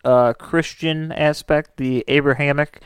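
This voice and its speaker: A man's voice: a little high, steady tone, a little slow, smooth, no room sound. Rambling, joking male podcast host. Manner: rambling, joking, many fillers. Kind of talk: casual podcast chat.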